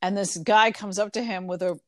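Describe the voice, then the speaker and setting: A woman with a mid-range voice casually retells a story in conversation at normal speed, with no echo. She animatedly acts out the characters' lines in quoted voices and says "um" a lot.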